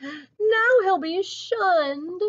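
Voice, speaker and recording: A woman's voice: very high voice, fast talker, voice pushed up. A woman voicing a frightened, tearful young Amish girl in a storybook read-aloud, whimpering and pleading. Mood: worried. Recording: dull lo-fi recording.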